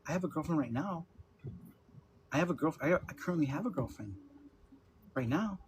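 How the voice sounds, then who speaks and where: A man's voice: a little high, lively intonation, moderate pace, a little hiss or hum. A man in his fifties hosting a casual livestream chat, laughing often and talking loosely with some swearing. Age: 50s. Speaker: livestream host. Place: at home with his dogs.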